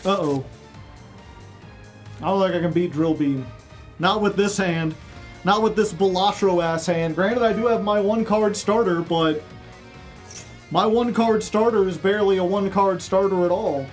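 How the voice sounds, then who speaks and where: A man's voice: high-pitched, moderate pace, long pauses, faint music behind. A man streaming a card game, chatting casually with his chat, rambling and laughing at his own jokes. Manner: rambling, joking, laughs often.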